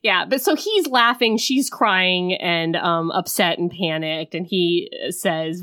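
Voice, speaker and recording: A woman co-hosting a podcast in casual chat, recapping a film and acting out quick bits of its dialogue. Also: lowish voice, pushed and bright, dry recording, clean studio sound. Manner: chatty, retells scenes with quick acted-out quotes.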